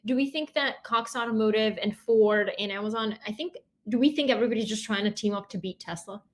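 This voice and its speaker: Playful woman with quick comebacks. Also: fairly high pitch. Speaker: guest co-host. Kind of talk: casual chat.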